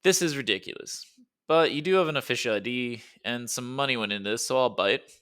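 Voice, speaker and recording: A man doing a sarcastic, quick-talking young guy. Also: mid-range voice, fairly bright tone, clear, resonant tone, lightly acted. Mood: wry. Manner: sarcastic, talks fast when flustered.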